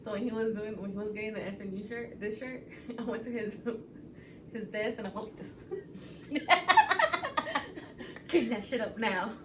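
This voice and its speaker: A woman's voice: medium pitch, flat delivery, a little fast. A woman co-hosting a podcast in casual chat, blunt and profane, laughing often. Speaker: podcast co-host. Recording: distant mic with clear background noise.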